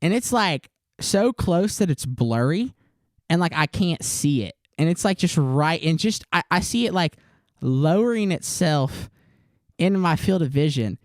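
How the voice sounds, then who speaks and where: Young male podcast co-host, lively storyteller, dry studio sound. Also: on the high side, measured pace, no room sound. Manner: animated storyteller, says "dude" and "like" a lot. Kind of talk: casual chat, storytelling.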